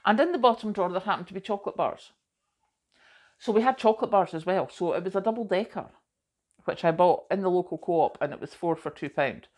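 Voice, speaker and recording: This is a middle-aged woman's casual vlog to camera: rambling, self-deprecating, packed with asides and repeated "do you know". Her voice sits on the low side with a darkish tone, and she talks fairly quickly and animatedly.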